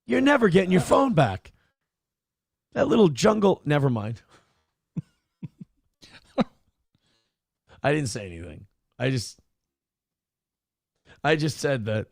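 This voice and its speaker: A male morning show host talks in casual, opinionated chat, crude and full of profanity. His voice sits a bit high with a gravelly edge. The sound is dry and close. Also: very animated, takes it slowly, long pauses, dry recording.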